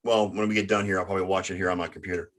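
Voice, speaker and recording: A man hosting a casual sports talk show, halting and often stumbling over his words. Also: sits low, fairly even intonation. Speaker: sports podcast host.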